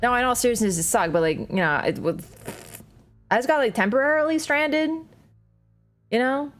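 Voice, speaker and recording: A woman with a fairly high voice streams a game at a moderate pace while soft music plays behind her. She chats casually with her viewers, rambling and joking, and swears constantly.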